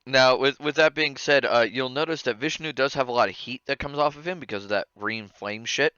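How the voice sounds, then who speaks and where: A man running a tabletop game as game master, relaxed, with frequent laughter and fillers. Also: mid-range voice, fairly quick, clean tone, no echo, dull audio.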